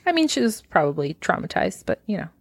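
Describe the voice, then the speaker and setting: A woman's voice: medium pitch, sing-song, quick pace, creaky, husky. A young woman co-hosting a podcast in casual movie-review chat, teasing and laughing often. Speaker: podcast co-host.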